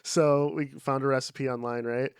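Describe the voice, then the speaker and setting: A man's voice: medium pitch, flat delivery, moderate pace, clear, resonant tone, no echo, clean studio sound. A young man co-hosting a podcast, chatting in a laid-back way, swearing freely and leaning on fillers. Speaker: podcast co-host. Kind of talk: casual chat.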